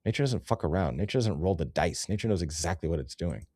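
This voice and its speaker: A man's voice: sits low, lively intonation, quick pace, darkish tone, no room sound, clean studio sound. A man hosting a rambling, profane comedy commentary over nature photos, easily sidetracked and loose in his talk. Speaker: host.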